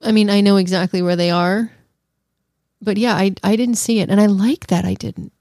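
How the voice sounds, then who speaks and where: A woman's voice: medium pitch, steady tone, normal speed, darkish tone, no room sound, studio quality. A woman co-hosting a casual film review podcast, thoughtful and teasing, often restarting her sentences. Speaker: podcast co-host.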